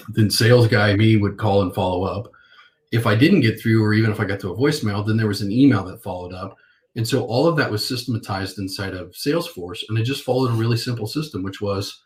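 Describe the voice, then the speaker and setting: Low-voiced man, playful storyteller. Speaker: podcast guest, marketing consultant. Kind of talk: casual interview storytelling.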